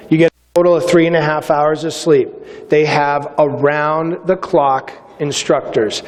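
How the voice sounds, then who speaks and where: Middle-aged male keynote speaker, animated storyteller who acts out the dialogue, reverberant hall. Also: a little high. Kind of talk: motivational speech with stories.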